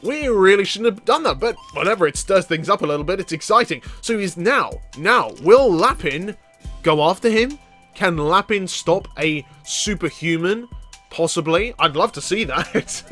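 A man commentating on a let's play in a chatty, excitable way, laughing often. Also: sits high, moderate pace, faint music behind. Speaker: gaming video host.

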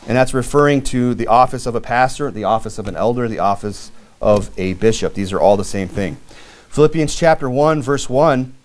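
Male pastor, mid-pitched voice, preaching a sermon in a church, reading verses aloud between plain explanations. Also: a little fast. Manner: preaching with scripture readings and frequent restarts.

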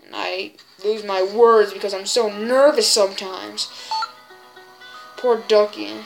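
A woman giving excitable gameplay commentary in a put-on silly voice, full of exclamations. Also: mid-range voice, slow, gravelly. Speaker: gaming video creator. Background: game music.

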